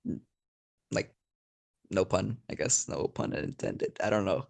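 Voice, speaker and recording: A man spinning an improvised story in a loose, profane, rambling way, laughing as he goes. His voice is low and gravelly, with a rough fry on the ends of phrases. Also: animated, measured pace, darkish tone. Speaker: storyteller YouTuber.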